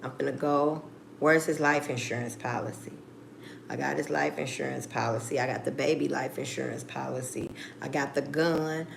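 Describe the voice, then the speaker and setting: Gravelly low-voiced woman telling a story. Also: fairly even intonation, normal speed, noisy background. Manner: blunt, profane, acts out phone calls. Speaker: vlogger. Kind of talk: casual storytelling.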